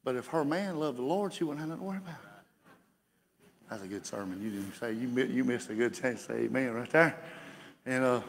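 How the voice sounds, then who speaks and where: A man preaching a sermon as pastor, folksy and building to shouts. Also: medium pitch, a little fast, in a large hall, slight background noise. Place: church sanctuary.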